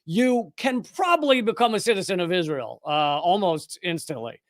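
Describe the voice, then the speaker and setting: A man with a notably high voice hosts a live-streamed commentary show. He rambles, stops to correct himself, and drops sarcastic asides. The sound is close and dry, with no room echo. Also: expressive, moderate pace. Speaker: political commentator host.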